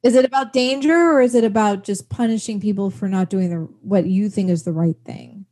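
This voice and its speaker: A woman's voice: mid-range voice, fairly quick, dark tone. A woman talking earnestly and thoughtfully in a casual podcast chat.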